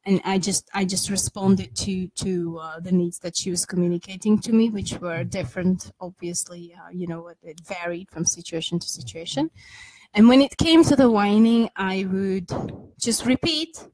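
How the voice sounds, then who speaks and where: A woman's voice: mid-range voice, moderate pace, a little mellow, no echo, rough recording. A woman speaking casually as a guest on a parenting podcast, chatty and full of restarts and asides. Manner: chatty, many restarts and "you know", laughs easily.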